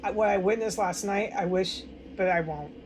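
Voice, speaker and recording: A woman's voice: mid-range voice, moderate pace, noisy background. An American woman in a distraught, rambling personal monologue, stumbling over words and swearing often. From United States. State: upset and distraught. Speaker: vlogger.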